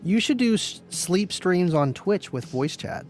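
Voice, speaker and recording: A man's voice: sits high, animated, measured pace, darkish tone, faint music behind. A man hosting a live stream, chatting casually with viewers, laid-back and chatty, laughing often and calling people "man" and "dude".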